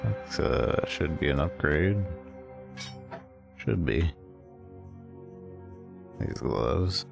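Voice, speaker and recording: A man streaming a game with casual commentary, relaxed and muttering to himself. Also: very deep voice, extremely slow, gravelly, pauses often. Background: faint game music.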